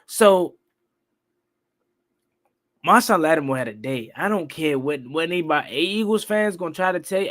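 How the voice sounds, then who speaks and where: Man, high voice, young adult, excitable football rant, repeats himself. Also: normal speed, pauses often. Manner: excitable, repetitive, rants and questions calls. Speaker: sports talk host. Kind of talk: live-stream football recap.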